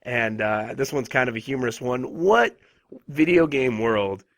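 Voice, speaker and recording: A male show host with a hoarse, raspy voice from a lost voice, chatting and joking through a casual gaming interview. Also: mid-range voice, animated, a little slow, fairly bright tone. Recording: echoey room, distant mic.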